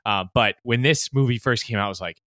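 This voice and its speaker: A man's voice: medium pitch, fast talker, bright, forceful tone, no room sound, clean studio sound. A man chatting enthusiastically about a film in a casual podcast, with many fillers like "um" and "like". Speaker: podcast co-host or guest. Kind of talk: casual movie discussion.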